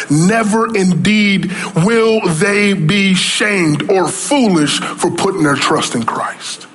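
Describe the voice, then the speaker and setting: A man with a notably high voice preaches a sermon as pastor. He works through scripture with rhetorical questions and climbs in intensity as he presses his points. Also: slightly rough.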